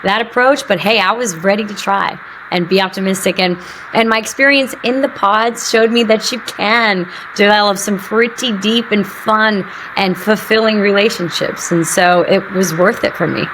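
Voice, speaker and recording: A woman's voice: medium pitch, moderate pace. A woman, a podcast guest, speaks earnestly and with optimism. Faint noise hums behind her voice. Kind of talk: casual podcast chat.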